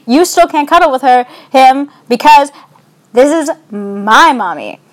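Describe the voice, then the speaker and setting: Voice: high-pitched, animated, measured pace. A vlogger voicing their older dog as a grumpy, jealous animal that sulks and rants. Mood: sulky. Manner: whiny, sulky ranting.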